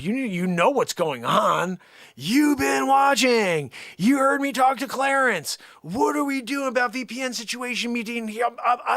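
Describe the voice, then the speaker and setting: Guy on a livestream ranting into a fake phone call, high gravelly voice, jumps all over the place, dry close sound. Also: a bit bright, no echo. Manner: rambling, mock-indignant, jokey. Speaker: livestream host. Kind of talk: improvised one-sided phone call skit.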